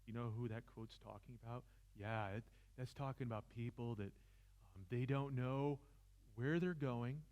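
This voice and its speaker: A man's voice: mid-range voice, a little slow. Impassioned male seminar lecturer. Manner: impassioned, rises to near-shouting, self-deprecating humor. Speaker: philosophy teacher, seminar speaker. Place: church seminar room.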